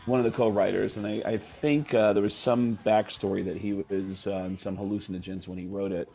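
Brief: male host, gravelly voice, loose rambling chat. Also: fairly low pitch, little pitch movement, fairly quick, warm tone. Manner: rambling, laughing, many fillers. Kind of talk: casual chat.

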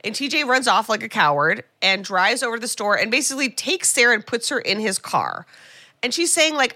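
A woman's voice: fairly high pitch, big pitch swings, fairly quick, pushed and bright, dry recording, clean studio sound. A woman co-hosting a podcast, casually recapping a movie and acting out characters' lines with sarcastic asides. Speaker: podcast co-host. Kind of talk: casual film recap chat.

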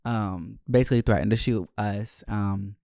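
A man's voice: lowish voice, moderate pace, warm tone, no room sound, clean studio sound. A young adult man hosting a podcast, telling childhood stories in a candid, profane, joking way. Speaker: podcast host. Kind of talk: casual storytelling.

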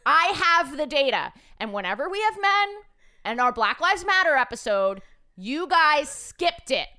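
A woman co-hosting a casual podcast from an apartment, brash, teasing and quick to swear. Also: high voice, sing-song, pushed and bright. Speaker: podcast co-host.

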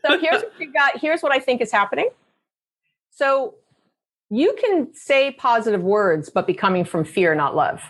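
A woman psychologist giving direct relationship advice on a podcast, animated, often acting out quoted voices. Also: fairly high pitch, normal speed. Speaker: psychologist guest.

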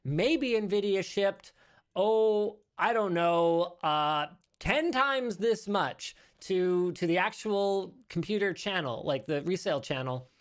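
A man's voice: high-pitched, animated, takes it slowly. A male show host talking through tech news in a casual, rambling way, correcting himself and adding joking asides.

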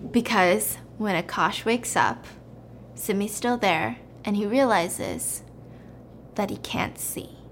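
A woman chattily retelling a film plot to a friend, animated and checking in with her listener. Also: medium pitch, slow pace, vocal fry, a little hiss or hum.

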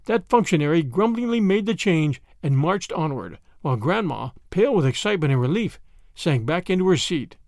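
A man narrating a classic story with an expressive reading. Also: on the high side, a little fast, no echo, clean studio sound. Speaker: audiobook narrator.

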